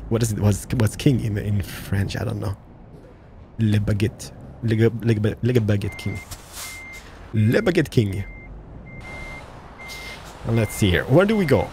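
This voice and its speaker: A man's voice: fairly low pitch, lively intonation, a little slow, long pauses, darkish tone, slight background noise. A man giving casual, joking, exclamatory commentary while playing a truck driving game. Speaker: let's-play gamer.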